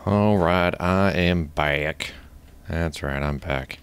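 A man's voice: low voice, slow, clear, resonant tone. A man hosting his own gaming channel, chatting casually and thinking aloud while he builds. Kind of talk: casual gameplay commentary.

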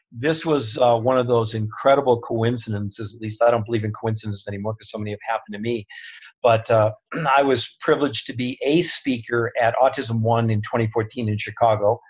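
A man speaking as a guest co-author over an online call, earnest and humble, with many restarts. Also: medium pitch. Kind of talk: casual talk on a call. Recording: dull lo-fi online audio.

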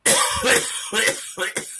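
A man's voice: extremely slow, pushed and bright. A man vlogging to a phone camera in a rambling, profane monologue that drifts between topics.

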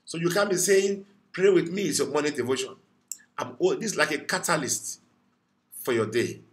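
A man's voice: fairly high pitch, expressive, normal speed. A man leading a morning devotion as pastor, praying in tongues and urging listeners to declare scripture again and again. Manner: fervent, repetitive declarations, prays in tongues. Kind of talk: morning devotional prayer and sermon.

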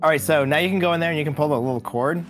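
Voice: medium pitch, rapid-fire, soft background music. A stream host in casual, jokey banter while guiding a player, over a desk mic. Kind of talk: casual game-stream chat.

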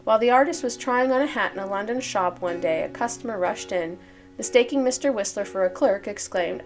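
A woman's voice: medium pitch, fairly quick, faint music behind. A woman reading old newspaper articles aloud and breaking off for chatty, think-aloud asides.

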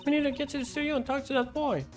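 A woman plays a perky young girl assistant with a lifted, lively voice, encouraging and quick. Faint game music runs behind her. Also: high voice, voice pushed up, lightly acted. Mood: urging. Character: cheerful young female assistant, upbeat.

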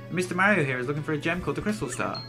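A man's voice: fairly high pitch, lively intonation, racing, over music, pitched above the performer's own voice. A man voicing an earnest young male turtle hero who talks in an eager, slightly whiny way.

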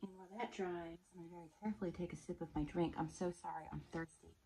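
A woman's voice: lowish voice, steady tone, racing, vocal fry, dark tone, a little hiss or hum, rough recording. A woman chatting casually while she does a makeup look, rambling and self-deprecating. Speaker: makeup artist.

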